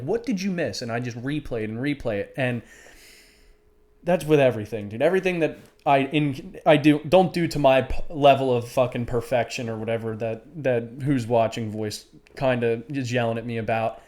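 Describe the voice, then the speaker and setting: A young man co-hosting a casual podcast chat, his voice sitting at an ordinary middle pitch. He swears freely, calls his friend dude, and talks through his own self-doubt. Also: a little mellow. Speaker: podcast co-host.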